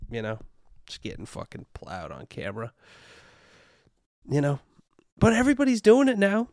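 A man's voice: sits high, wildly swooping pitch, moderate pace, a little mellow, dry recording, studio quality. A young adult man hosting a casual solo podcast, rambling and profane with constant "you know" and "dude" fillers. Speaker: podcast host.

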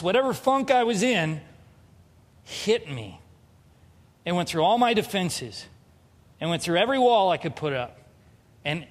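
A pastor giving a humorous, confessional sermon, acting out bits of dialogue as he tells a personal story. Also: sits high. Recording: long hall reverb.

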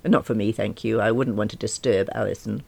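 A man's voice: lowish voice, fairly even intonation, a little fast, gravelly, a little mellow. A woman reader voicing a cold, grumpy man who speaks curtly in an audiobook. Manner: curt and frosty.

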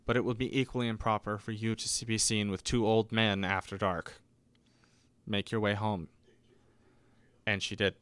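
A man with a lowish, level, fairly bright and smooth voice hosts a podcast at a normal speed with long pauses, and there's no room sound. Telling stories solo in a casual, rambling way, he often corrects himself and acts out the people he quotes.

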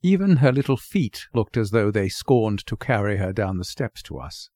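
Man reading a short story aloud, lively pitch, dry close sound. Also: moderate pace, dry recording. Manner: expressive, wry. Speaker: narrator, reader.

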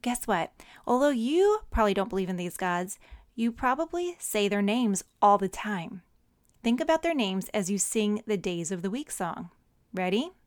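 A woman narrating a children's story and teaching syllables in a gentle, teacherly way. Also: mid-range voice, lively intonation, normal speed, no echo, clean studio sound.

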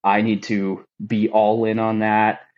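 Earnest low-voiced man telling his story. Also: completely flat delivery, slow, darkish tone, lo-fi sound. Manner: earnest, rambling, emotional retelling with lots of fillers. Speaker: firefighter guest. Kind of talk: candid podcast storytelling.

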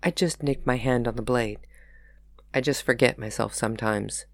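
Woman doing a courtly earnest gentleman. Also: very deep voice, normal speed, creaky, no room sound, studio quality, voice pushed down. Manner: formal, old-fashioned courtesy. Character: gallant, earnest male gentleman, courteous and apologetic.

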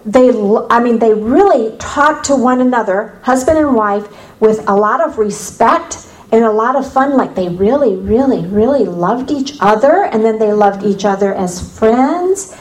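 A woman from the United States giving a personal faith testimony to an audience, telling it as a lively story with humorous asides. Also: a little high, unhurried, poor audio. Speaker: speaker sharing her faith testimony.

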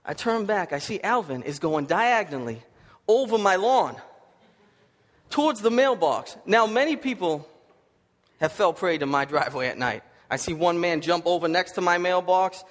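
A man preaching a sermon, telling a story with lively swings from loud to hushed, a little sniffly from allergies. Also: on the high side. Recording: long hall reverb.

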